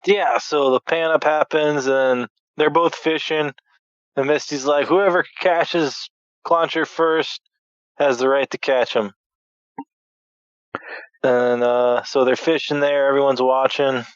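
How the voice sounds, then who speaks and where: A laid-back man with a smooth, resonant mid-range voice recaps a cartoon episode as a podcast guest. His mic sounds slightly dull and lo-fi, and the sound is dry, with no room around it. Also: mid-range voice, steady tone, takes it slowly, no room sound. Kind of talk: casual episode recap chat.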